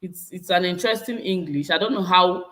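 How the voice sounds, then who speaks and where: This vlogger, a Nigerian woman in her thirties, is on a casual live stream reading comments from her chat. She speaks briskly, her voice lowish and slightly bright, laughing often, drifting into Pidgin and saying things more than once.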